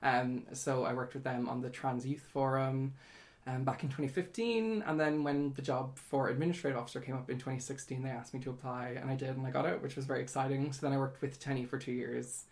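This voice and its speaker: A woman's voice: extremely low pitch, fairly even intonation, brisk, darkish tone. A young woman in her twenties with an Irish accent, talking candidly and chattily as an interview guest, with many fillers. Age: 20s. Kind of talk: casual interview.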